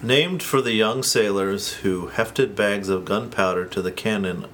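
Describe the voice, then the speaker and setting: A man's voice: lowish voice, a little slow, fairly bright tone, slight background noise. A man hosting a beer tasting, reading tasting notes aloud and steering the talk along. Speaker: host. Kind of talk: reading beer descriptions and casual chat.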